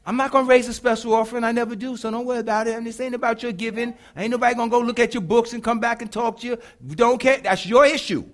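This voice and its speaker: A male pastor preaching a sermon, animated and confiding, talking straight to the congregation. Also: very high voice, fast talker, hardly any pauses.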